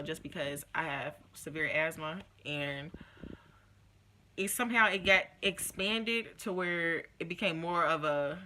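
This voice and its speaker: A young woman recounts a personal story in a casual vlog, getting emotional and acting out the voices of others. Her voice sits a little low but sounds bright and forceful. Faint noise lingers behind her. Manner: emotional, animated retelling with quoted voices. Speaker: vlogger.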